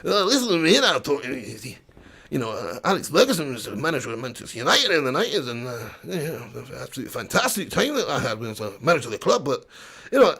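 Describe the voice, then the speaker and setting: A man putting on a low, mumbling older football manager who pads his talk with "you know". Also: creaky, fairly bright tone, slightly rough, exaggerated voice.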